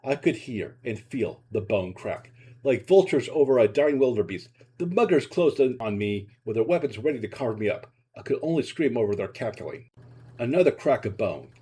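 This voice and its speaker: A man reading his own short story aloud in an expressive, dramatic narration. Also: medium pitch, normal speed, husky.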